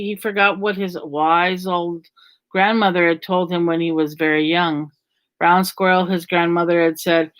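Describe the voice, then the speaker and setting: A woman reading a children's story aloud at a gentle, even storytelling pace. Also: on the low side.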